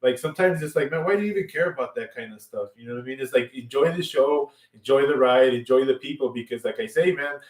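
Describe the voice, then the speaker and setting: A man co-hosts a casual chat show, talking fast at a medium pitch with few pauses. He rambles, repeats words, and keeps saying "you know what I mean." The recording sounds roomy, as if he's far from the mic.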